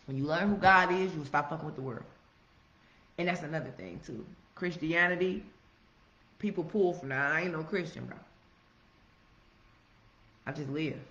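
A woman giving a casual, profane motivational monologue, preaching with loud emphatic outbursts. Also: deep voice, moderate pace. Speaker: motivational vlogger. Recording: roomy, slightly muffled recording.

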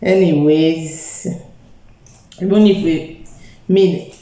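A woman's voice: sits low, steady tone, drawn-out words, warm tone, roomy sound, poor audio. A woman with a Nigerian accent gives a live makeup tutorial, talking straight to her viewers and mixing Pidgin into her English. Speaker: beauty vlogger.

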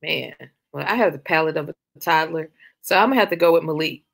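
A woman's voice: low voice, fast talker, vocal fry. A woman author who is a guest in a casual interview, candid and humorous.

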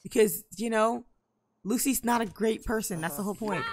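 A young woman commenting casually on her life-simulation game, playful and giggly, with sudden loud bursts of excitement. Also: medium pitch, fairly quick, no echo. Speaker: gameplay commentator. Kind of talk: casual let's-play commentary.

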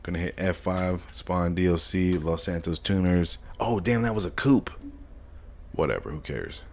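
A man with a very deep, low voice runs a live gaming tutorial stream. He talks in easygoing slang and thinks out loud, stopping to correct himself as he clicks through menus. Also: animated, normal speed, slight background noise. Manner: laid-back slangy talk, thinks aloud and corrects himself. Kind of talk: live modding tutorial, casual chat.

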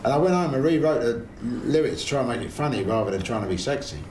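A man's voice: medium pitch, lively intonation, quick pace, heavy background noise. Blunt, cheeky man. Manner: cheeky, blunt, swears freely and mimics others. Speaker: musician interviewee. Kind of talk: reflective interview talk. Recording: music playing underneath. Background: music.

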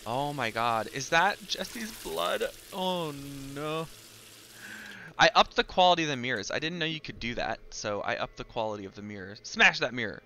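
A man commentating on the game he is playing, excitable and jumpy, often crying out when startled. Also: medium pitch, moderate pace, slight background noise. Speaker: gaming video host. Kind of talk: let's play commentary.

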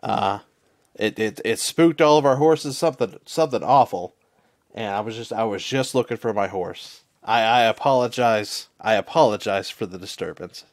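A man's voice: fairly low pitch, moderate pace, no echo, clean studio sound, pitched below the performer's own voice, close to an everyday voice. A man playing a stammering, flustered young cowboy. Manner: stammering, apologetic.

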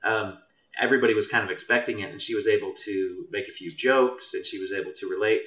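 Man, guest, thoughtful, bright voice, low pitch, echoey room. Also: steady tone, fast, distant mic. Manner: thoughtful, meandering. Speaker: guest, children's mental health professional. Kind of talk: casual discussion. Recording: roomy, off-mic.

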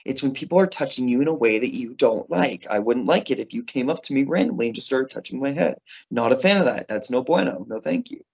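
A man teaching a lesson to children. His voice sits at an everyday middle pitch. He talks in a chatty, lively way and acts out little example phrases along the way. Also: husky, poor audio. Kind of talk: classroom lesson for kids.

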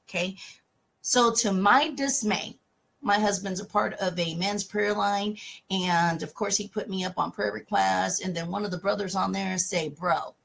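Woman host talking scripture, husky voice, fired up and emphatic. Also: mid-range voice, a bit bright. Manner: emphatic and passionate, reads scripture aloud. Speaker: talk show host. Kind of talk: casual scripture talk.

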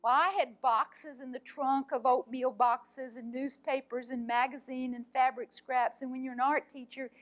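A woman, an art teacher, telling a personal story in an earnest, heartfelt way, often speaking softly. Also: high-pitched, flat delivery, moderate pace, few pauses, rough recording.

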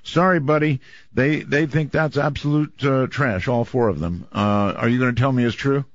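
A man hosting a call-in radio show, brisk and moving callers along. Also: mid-range voice, no room sound. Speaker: radio talk show host. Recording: dull lo-fi stream audio.

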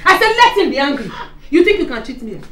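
A woman's voice: high voice, very animated, quick pace, fairly bright tone. A woman with a Nigerian accent playing a combative, scornful middle-aged mother from Edo in a Nollywood film. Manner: combative, scornful, repeats her taunts. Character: loud, fiery Bini mother defending her daughter.

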